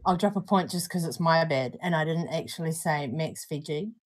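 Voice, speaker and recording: A woman's voice: low-pitched, moderate pace, low-quality recording. A young woman with a New Zealand accent, co-hosting a casual live-stream review in a chatty, easygoing way. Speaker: co-host reviewing vape juice.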